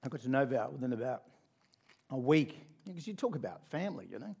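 A man preaching, retelling a story in a conversational, animated way with asides to listeners. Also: mid-range voice, quick pace, vocal fry, breathy edge. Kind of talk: sermon storytelling.

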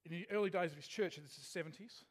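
A man's voice: high-pitched, very fast. A male pastor preaching a sermon in a chatty way, often asking the congregation questions.

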